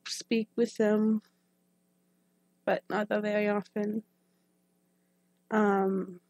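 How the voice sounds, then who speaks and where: A woman's voice: medium pitch, darkish tone, dry recording, clean studio sound. A young woman who reacts to videos online, chatting casually in a hesitant, emotional way that trails off and restarts. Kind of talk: casual personal chat.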